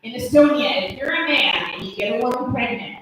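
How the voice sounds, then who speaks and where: A woman in her fifties doing a stand-up comedy set, brash and profane with deadpan punchlines. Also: on the high side, quick pace. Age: 50s. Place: comedy club stage. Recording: echoey room from far off with noise.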